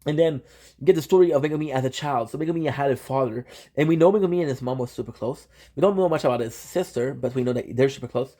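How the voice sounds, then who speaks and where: A young man hosting his channel, excitedly recapping an anime in casual slang, with lots of restarts and swearing. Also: mid-range voice, quick pace. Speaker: channel host.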